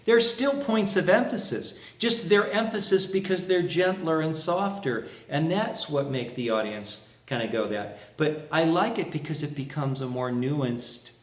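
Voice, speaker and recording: A man's voice: mid-range voice, reverberant, recorded from a distance. A man teaching harmonica phrasing, explaining and humming phrases to show them. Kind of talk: music lesson with played examples.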